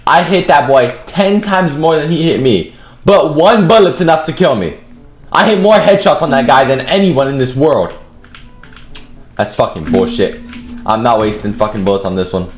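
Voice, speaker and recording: A man's voice: mid-range voice, lively intonation, moderate pace, echoey room, soft background music. A man giving profane, taunting commentary over his own gameplay. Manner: profane, taunting trash talk. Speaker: gaming video host.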